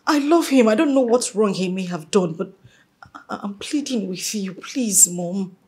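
A woman's voice: medium pitch, animated, normal speed, darkish tone, close to an everyday voice. An actress with a Nigerian English accent playing a young woman who argues with her mother and begs to keep the man she loves. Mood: pleading. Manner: pleading, emotional. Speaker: daughter.

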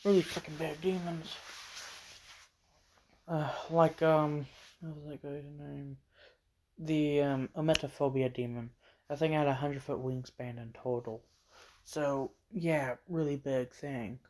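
A man's voice: on the high side, warm tone. A man casually narrating character lore for his own video, rambling and hesitant with many fillers. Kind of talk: casual lore talk over a speedpaint.

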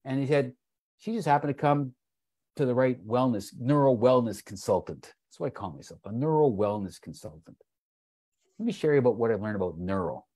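A man selling wellness products tells a folksy story on a video call in an animated, mellow, mid-range voice with a breathy edge, talking fairly quickly. He often says "folks" and acts out what the people in the story said.

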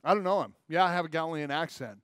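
A man's voice: on the high side, very fast, a bit bright, smooth, no echo, studio quality, close to an everyday voice. A man voicing a brash, boastful fisherman disciple who later frantically denies his friend in a retold scripture story. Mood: frantic denial. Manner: cocky then desperate protesting.

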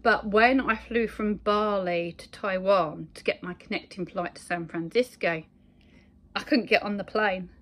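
A middle-aged woman from England talking casually to her phone in a rambling monologue, full of fillers and asides. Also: medium pitch. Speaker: vlogger.

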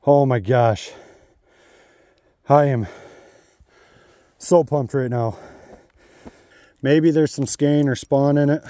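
A man's voice: fairly high pitch, dark tone, no echo. Pumped-up guy fishing on a river outdoors, chatting to the camera. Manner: enthusiastic, talks to viewers while fishing. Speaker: fishing vlogger. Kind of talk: excited outdoor narration to camera.

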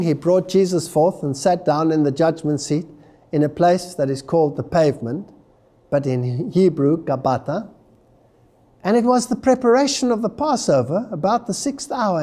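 A man's voice: sits high, animated, normal speed, mellow. A man giving an emphatic Bible prophecy lecture, explaining history and reading scripture aloud. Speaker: religious lecturer.

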